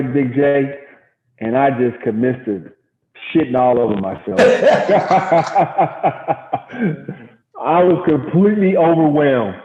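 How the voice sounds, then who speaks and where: A middle-aged man from Gary, Indiana, a former baseball pitcher, telling stories in a casual interview and acting out quotes. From Gary, Indiana, USA. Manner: animated storyteller acting out quotes. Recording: echoey, tinny phone-like sound.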